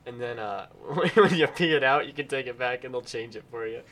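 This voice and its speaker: A man's voice: medium pitch, fairly quick, a little hiss or hum. A teenage boy co-hosting a casual podcast, cracking goofy jokes. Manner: goofy, jokey, lively. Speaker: podcast co-host. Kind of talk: casual chat.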